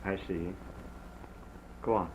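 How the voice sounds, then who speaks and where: A grave, measured questioner. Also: male voice, sits low, fairly even intonation, darkish tone, a little hiss or hum. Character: grave man questioning a witness. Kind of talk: early sound-film acting. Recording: muffled early sound-film recording.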